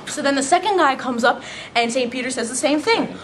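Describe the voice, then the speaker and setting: A woman's voice: sits high, brisk, a little hiss or hum. A woman telling jokes in a casual setting, acting out the characters' lines and laughing through her punchlines. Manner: animated storyteller, laughs through punchlines and acts out quoted voices.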